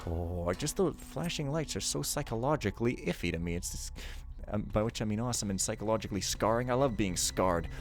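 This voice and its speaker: A man's voice: lowish voice, lively intonation, fast, faint music behind. Rambling jokey gameplay commentator, male. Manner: rambling, jokey, self-mocking. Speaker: let's play host.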